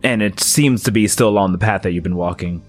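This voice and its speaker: A man narrating as game master of a tabletop game, slow and atmospheric, with restarts. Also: fairly low pitch, faint music behind.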